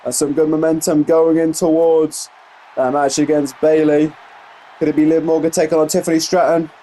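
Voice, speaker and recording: A man giving play-by-play commentary over a wrestling video game, getting excited on big moves and rambling into asides full of fillers. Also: fairly high pitch, normal speed. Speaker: gameplay commentator.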